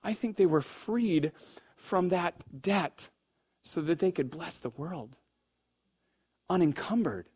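A man preaching a sermon as pastor, telling a story that moves between hushed, low passages and fervent, raised ones. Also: lively intonation, takes it slowly, pauses often, slightly rough.

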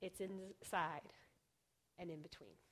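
A young woman preaching a sermon in an earnest way, often dropping to a hush on key phrases. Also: on the low side, fairly even intonation, slow. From Oregon, United States. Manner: earnest, softening to near whispers on key phrases.

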